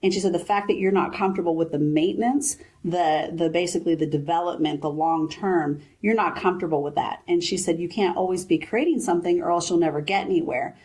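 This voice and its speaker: A woman in her forties, a business founder, chatting in an interview and retelling advice in lively quoted voices. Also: lowish voice, quick pace, few pauses. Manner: animated storyteller, quotes her mother. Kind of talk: casual interview chat.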